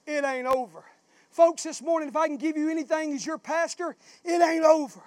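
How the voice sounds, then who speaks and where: A pastor delivering a fiery sermon in a strikingly high, dry voice, recorded close with no room echo. He builds his points into passionate, shouted refrains. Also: steady tone, fairly quick. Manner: southern-style preaching, swells into shouting.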